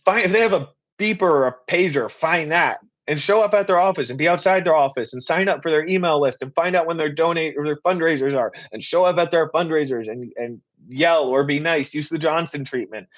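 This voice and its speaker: A man hosting a live Q and A stream, talking in a passionate, rapid, rambling way. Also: a little high, fairly bright tone, dull audio. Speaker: political writer and activist host.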